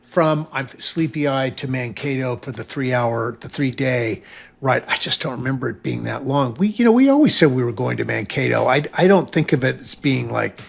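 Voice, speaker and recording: A man's voice: medium pitch, animated, normal speed, vocal fry, breathy edge. An older man co-hosting a casual recap podcast, thinking aloud in a reflective way with frequent restarts. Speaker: podcast co-host.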